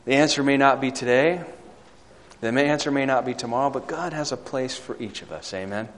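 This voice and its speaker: A man's voice: mid-range voice, brisk. Emphatic preacher, man, in a reverberant church. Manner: rising to emphatic peaks, conversational asides. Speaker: pastor. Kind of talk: sermon with storytelling.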